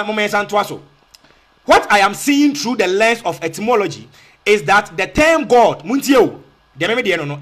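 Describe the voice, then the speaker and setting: Speaking in a high, fairly bright voice, a Ghanaian-accented man offers a casual rebuttal as an online commentator. He repeats himself, poses rhetorical questions, and slips in Twi phrases.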